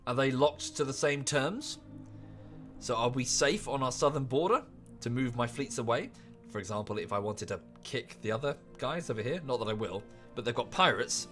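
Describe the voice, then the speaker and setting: A man thinking aloud at his desk mic as he plays a strategy game on a live stream. His talk is chatty and rambling, full of offhand asides, at a middling pitch with faint music underneath. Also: lively intonation, normal speed, fairly bright tone. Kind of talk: casual live-stream commentary.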